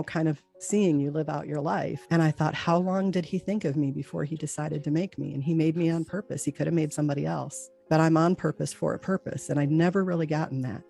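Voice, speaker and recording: A woman's voice: deep voice, vocal fry. A middle-aged woman telling her personal testimony of a near-death experience, acting out the dialogue in quotes. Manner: animated, acts out dialogue in quotes.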